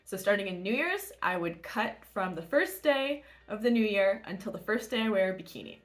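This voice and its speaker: A woman competing in bodybuilding, telling a story and giving diet tips in a chatty, animated way that swears freely. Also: mid-range voice, a little fast. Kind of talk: casual storytelling vlog.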